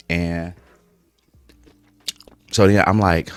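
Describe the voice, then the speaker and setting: A man vlogger telling a casual, profane storytime while eating, lively and animated in his telling. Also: sits low, normal speed, dry recording, clean studio sound. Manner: speaks through eating breaks. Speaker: mukbang vlogger.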